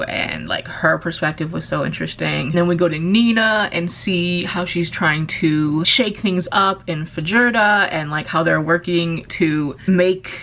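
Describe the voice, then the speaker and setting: A woman in her twenties, a book vlogger, chatting casually into her camera in an excitable, gushing way, swearing now and then. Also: low-pitched, gravelly, a little hiss or hum. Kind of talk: casual vlog chat.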